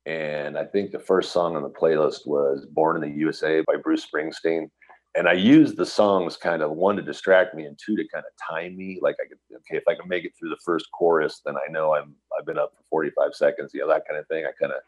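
A middle-aged man from the US Midwest, telling a personal recovery story in an interview, earnest and animated, acting out quoted dialogue. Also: very deep voice, brisk.

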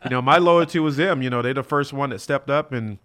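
Middle-aged man, a former college athlete, a guest storyteller from South Central LA. Mid-pitched, chatty, acts out the quotes. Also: a little fast. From South Central Los Angeles. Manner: animated, acts out quoted dialogue, many fillers like "you know". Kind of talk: storytelling in a casual interview.

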